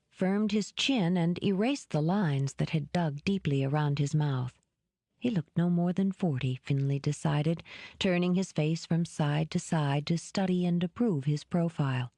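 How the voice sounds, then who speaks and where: A woman narrating an audiobook in a measured, even manner. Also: deep voice, no room sound, clean studio sound. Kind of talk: scripted narration.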